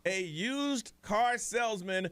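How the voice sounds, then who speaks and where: High, bright-voiced male radio host. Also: takes it slowly, smooth. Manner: energetic, laughing, game-show pacing. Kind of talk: morning radio show banter. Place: radio studio.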